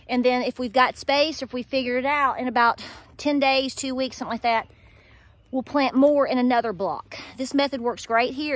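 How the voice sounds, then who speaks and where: Chatty woman, fairly high voice. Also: dry recording. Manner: chatty, folksy, talks straight to viewers. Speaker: homestead vlog host. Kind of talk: casual chat while working. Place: outdoor garden.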